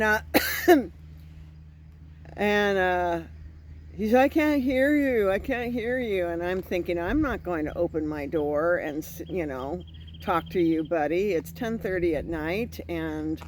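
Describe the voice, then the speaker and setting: A woman's voice: on the low side, a little hiss or hum. A woman vlogger casually retelling a scary night, acting out the voices she quotes. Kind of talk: casual storytelling.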